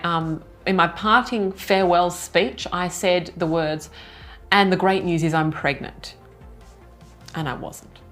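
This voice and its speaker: A woman in her thirties, a business coach telling a story casually to camera in an animated, self-mocking way, laughing now and then. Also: deep voice. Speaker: retreat organizer and business coach.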